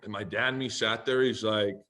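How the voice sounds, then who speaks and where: Man telling a story, animated. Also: fairly low pitch, a little fast. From Canada. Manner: animated, profane, acts out both sides of conversations. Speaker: podcast guest, pro football player. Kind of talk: casual storytelling.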